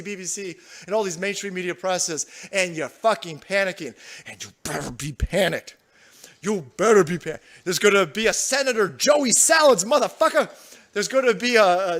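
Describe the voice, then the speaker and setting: A man's voice: high-pitched, a bit bright. A man hosting a livestream, delivering angry, profane, combative political commentary. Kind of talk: ranting live commentary.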